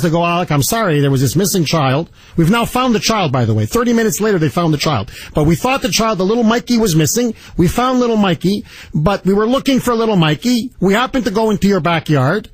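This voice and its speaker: A man hosting a talk radio show, telling stories in an animated, indignant way and taking calls. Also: sits high, dry recording. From Canada. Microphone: studio microphone.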